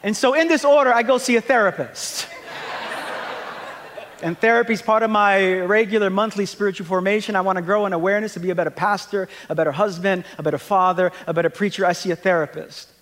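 High-voiced pastor preaching in a big hall. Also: male voice, fast talker. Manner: animated and self-deprecating, acts out scenes. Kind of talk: conference sermon with humorous storytelling. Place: large conference hall. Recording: long reverb of a large hall.

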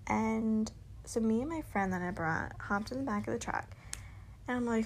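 A woman's voice: fairly high pitch, lively intonation, normal speed, gravelly, a little hiss or hum. A young woman vlogger telling a story in casual chat, swearing freely and laughing through it. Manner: profane, laughing, bubbly.

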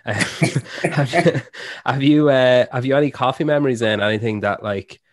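A man's voice: mid-range voice, moderate pace, no echo. A man hosting a casual podcast interview, rambling and hesitant with lots of fillers. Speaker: podcast host.

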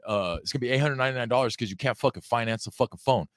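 A man from North County San Diego talks fast and swears freely as he rants through a story. His voice sits at an ordinary pitch, recorded close and dry with no room sound. The talk is a loose, casual podcast chat. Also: no echo. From North County, San Diego, California. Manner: profane, animated ranting storyteller. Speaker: guest rapper.

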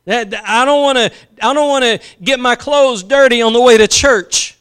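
A man's voice: very high voice, normal speed, fairly bright tone, clean tone. A man preacher acting out a self-righteous male churchgoer who huffily brushes off someone in need. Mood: dismissive.

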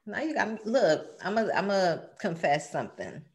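A woman's voice: medium pitch, big pitch swings, moderate pace, darkish tone. A woman co-hosting a casual chat, playful and laughing often. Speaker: podcast co-host.

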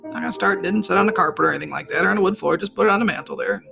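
Man preaching, story-telling, rambling and conversational, gravelly voice, instrumental music underneath. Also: high voice, racing. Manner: rambling, conversational, many restarts. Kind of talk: sermon storytelling.

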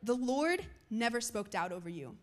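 A young woman preaching a sermon to students, moving between loud calls and soft, hushed lines. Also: a little high, sing-song, moderate pace. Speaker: youth speaker.

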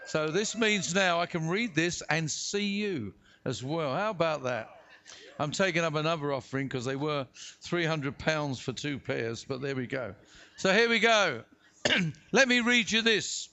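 A man's voice: a little high, lively intonation, unhurried, sharp tone. A man from the United Kingdom preaching a sermon as pastor, reading scripture dramatically and voicing the people in the story. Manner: dramatic, acts out voices in the reading. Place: church hall.

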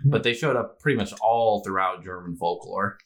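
A man's voice: fairly low pitch, moderate pace, fairly bright tone. A man co-hosting a tabletop game podcast in casual chat, rambling with restarts and goofy asides. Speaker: podcast co-host.

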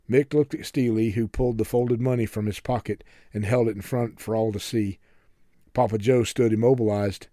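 A man reading a novel aloud as narrator in steady, measured storytelling. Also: lowish voice, no room sound, clean studio sound. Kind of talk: audiobook narration.

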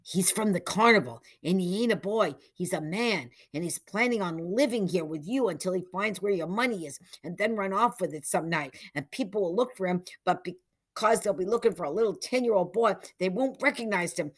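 A woman's voice: mid-range voice, animated, fairly quick, breathy edge, voice pushed up. A woman voicing an earnest, determined young boy who explains things urgently.

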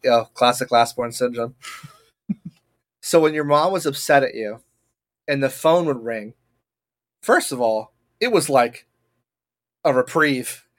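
A podcast co-host in casual chat who tells stories in an animated way and laughs often. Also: mid-range voice, slow pace, pauses often.

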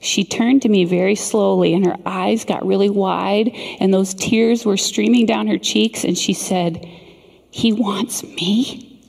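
A middle-aged woman giving a sermon, telling a story in an earnest, measured way with dramatic pauses. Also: medium pitch, steady tone, gravelly, darkish tone. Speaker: speaker. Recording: long hall reverb.

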